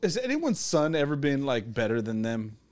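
A man's voice: medium pitch, sing-song, normal speed, a little mellow. A young man co-hosting a podcast, chatting casually and joking, often laughing and trailing off mid-sentence. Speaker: podcast co-host. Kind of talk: casual chat.

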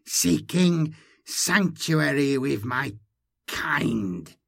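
A man's voice: mid-range voice, lively intonation, extremely slow, gravelly, heavily acted. A man voicing a female alien hybrid with an inhuman, hissing voice and broken, clipped grammar, read as an audiobook character. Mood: pleading.

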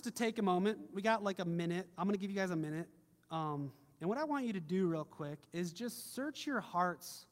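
A man with a notably high voice preaches to his congregation in a loose, conversational way and leans hard on key phrases. The sound carries a long reverb, like a church hall. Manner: casual, conversational preaching with animated emphasis. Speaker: pastor. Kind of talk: sermon.

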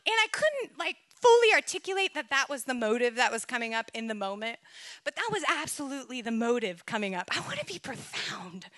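A woman preaching a sermon, telling a personal story in an animated, emotional way and laughing often. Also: fairly high pitch, a little fast, no room sound.

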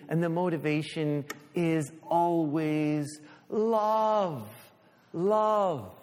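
A man preaching a sermon as pastor, animated, slipping into little voices, then easing into a quiet prayer. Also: on the high side. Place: church sanctuary. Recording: long church reverb.

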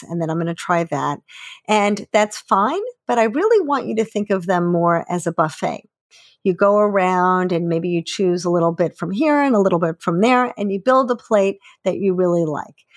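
A woman hosting a podcast, explaining calmly and encouragingly with everyday examples. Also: lowish voice, moderate pace, no room sound, clean studio sound. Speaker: podcast host and author.

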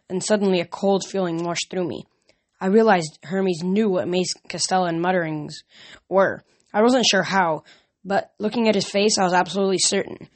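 Lady reading a novel out loud, steady and even, first person. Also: on the low side. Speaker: audiobook reader.

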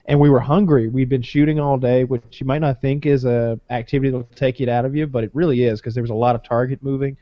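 A man's voice: medium pitch, quick pace, few pauses, no room sound. A man co-hosting a podcast, telling a rambling, profane story in casual chat. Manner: rambling, profane, animated retelling. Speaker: podcast co-host. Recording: slightly dull lo-fi sound.

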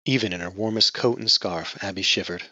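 A man narrating a novel in measured, scripted storytelling. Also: deep voice, sharp tone, slightly rough, dry recording. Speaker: audiobook narrator. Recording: muffled lo-fi dry recording.

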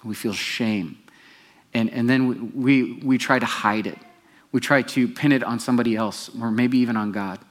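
A man preaches to his congregation, retelling a Bible story with animation. He stops to put questions to his listeners and speeds up or slows down as the story goes. His voice sits at an ordinary middle pitch. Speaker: pastor. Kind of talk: sermon.

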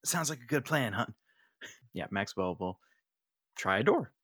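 A man's voice: mid-range voice, sing-song, measured pace, fairly bright tone, husky, dry recording, studio quality. A man playing in a tabletop game, joking around in a playful way. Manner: playful, jokey. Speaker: player. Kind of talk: casual role-play banter.

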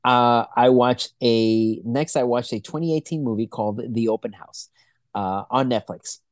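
A young man co-hosting a casual podcast chat, rambling and swearing a lot as he gets excited. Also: medium pitch, moderate pace, no echo. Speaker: podcast co-host.

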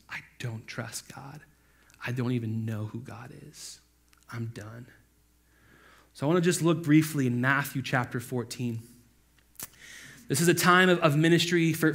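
With a mid-range voice, a male pastor preaches informally, as though chatting, drifting into frequent asides. When he quotes others, he acts out their voices in abrupt, loud bursts.

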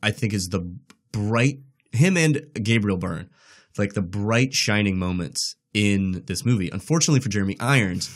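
Low-voiced man joking about films. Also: normal speed. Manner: animated, joking, many "like" fillers. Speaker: podcast co-host. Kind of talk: casual film discussion.

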